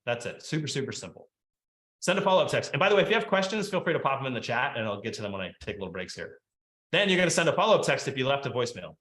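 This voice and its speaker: Lively man, echoey room. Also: mid-range voice. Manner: lively and conversational, acts out quick phone dialogues. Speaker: real estate marketing speaker. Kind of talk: webinar teaching talk.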